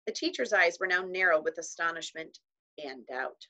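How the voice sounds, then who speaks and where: A woman narrates a children's novel aloud in a measured storytelling manner, with voices for its characters. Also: lowish voice, animated, bright, forceful tone, poor audio. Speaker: audiobook reader.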